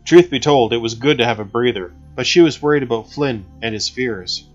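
A man narrating an audiobook in a steady, measured reading. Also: medium pitch. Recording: slightly dull recording with faint music.

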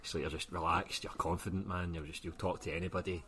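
A man's voice: deep voice, level tone, fairly bright tone. A young Glaswegian man, an author guest, chatting casually on a podcast and swearing freely, often laughing and acting out what other people said. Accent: Glaswegian Scottish. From Scotland. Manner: swears a lot, quick and laughing, acts out quoted people.

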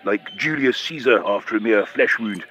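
A man's voice: lowish voice, animated, normal speed, sharp tone. A man doing a pompous impression of a British prime minister in a comedy sketch, heard over a phone line. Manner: pompous, grandiose.

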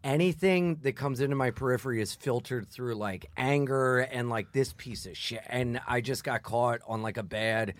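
A man's voice: mid-range voice, normal speed, few pauses, dry recording. A male comedian guest chatting casually on a podcast. He rambles and runs himself down, filling his talk with "like". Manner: rambling, self-deprecating, full of "like".

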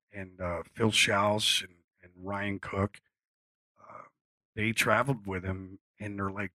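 A man's voice: on the low side, bright, forceful tone, dry recording. A man, a musician guest at a live event, telling casual stories to an audience in a rambling way, full of fillers and restarts, and swearing freely. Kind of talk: casual storytelling on stage.

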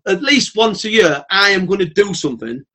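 Outspoken man, podcast guest, slightly high voice, blunt and sweary, animated storyteller. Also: a little fast. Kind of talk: casual podcast chat.

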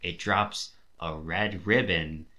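A man's voice: low-pitched, fairly even intonation, slow, bright, forceful tone. A young man hosting a podcast who rambles with enthusiasm, full of fillers and restarts. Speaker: podcast host. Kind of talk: casual chat.

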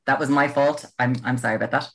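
An Irish woman co-hosting a podcast, chiming in with quick, teasing remarks in a casual chat. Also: a bass voice, fairly even intonation, a bit bright, poor audio. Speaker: podcast co-host.

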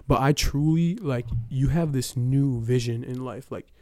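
A man's voice: medium pitch, measured pace, darkish tone, no room sound. A young man giving a casual personal testimony at church, telling his story with lots of fillers and quoted dialogue.

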